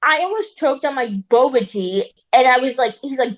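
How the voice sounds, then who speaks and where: A young woman with a high voice, chatting casually as a guest on a talk show. She rambles with lots of "like" and laughs often as she talks. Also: animated, brisk. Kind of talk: casual chat.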